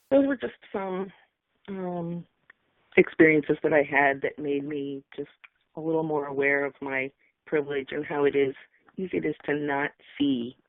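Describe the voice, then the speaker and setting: Middle-aged woman speaker, halting and emotional, gravelly fry, heard over a phone line. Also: sits low, dry recording. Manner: emotional, halting, many fillers. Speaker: webinar speaker. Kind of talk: personal account on a call. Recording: tinny phone line, dry.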